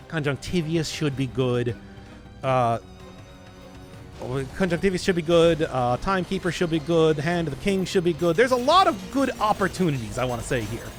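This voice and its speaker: A man talking through a video game session in a casual, playful way. His voice sits a little high and swings widely in pitch as he jokes and reacts. Soft music plays behind him. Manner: playful, joking, self-deprecating. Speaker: gaming streamer. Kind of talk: casual gameplay commentary.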